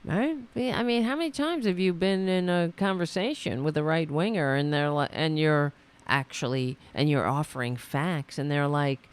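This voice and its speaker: A woman's voice: low voice, normal speed, hardly any pauses, clear, resonant tone. A woman hosting a political commentary show, talking in a sarcastic, mocking and rambling way, with many restarts. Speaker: host. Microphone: computer mic on a call setup.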